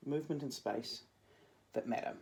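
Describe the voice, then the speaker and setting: A woman's voice: extremely low pitch, normal speed, creaky, a little mellow. A young adult woman, a drama teacher giving a chatty video lesson to her students with jokey asides.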